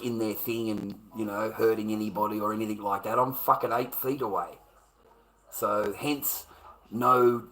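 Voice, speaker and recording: A man's voice: fairly low pitch, fairly bright tone, poor audio. An Australian man ranting casually to a live chat, rambling and repeating himself with heavy swearing. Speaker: livestreamer.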